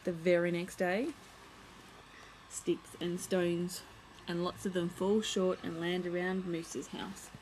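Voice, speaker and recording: A woman's voice: lowish voice, little pitch movement, takes it slowly, a little mellow, a little hiss or hum, poor audio. A young woman vlogging at home, chatting casually as she shows and reads from a children's picture book, full of playful asides.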